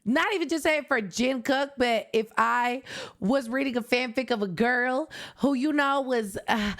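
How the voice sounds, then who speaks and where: A woman hosting a reaction video, gushing excitedly and chatting casually. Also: medium pitch.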